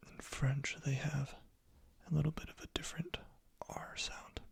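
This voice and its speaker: A man giving a whispered ASMR lesson into a close microphone, speaking gently and patiently and repeating each word softly. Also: medium pitch, dry recording. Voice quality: whispered, breathy. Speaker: ASMR creator teaching French words.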